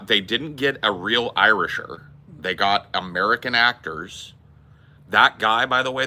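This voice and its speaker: Low-pitched and forceful, his voice comes across bright. The podcast host rambles casually, cursing often as he offers blunt takes on movies.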